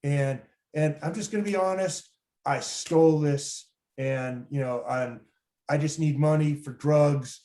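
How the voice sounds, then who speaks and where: A man's voice: fairly high pitch, a little slow, dark tone, close to an everyday voice. A skeevy New York street hustler, as a man puts him on in a slightly raised voice, rambling and pleading with a put-on New York accent. The sound rings in a roomy space. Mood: wheedling. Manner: rambling, overly honest pleading. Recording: roomy echo.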